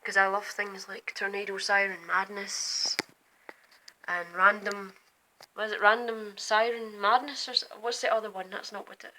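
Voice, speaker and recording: A young woman rambling at night from her bedroom window, often slipping into quiet whispers while filming on her phone. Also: mid-range voice, steady tone, normal speed, a little hiss or hum, rough recording. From Scotland. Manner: drifts between quiet whispers and louder asides. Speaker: vlogger. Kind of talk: rambling night-time chat.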